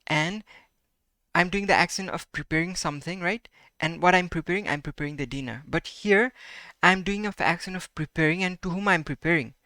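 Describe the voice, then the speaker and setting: A man teaching a Spanish grammar lesson, his voice bright and forceful and recorded up close with a dry sound. He repeats each example slowly and keeps checking in with "right?" and "okay?". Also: sits high, no room sound.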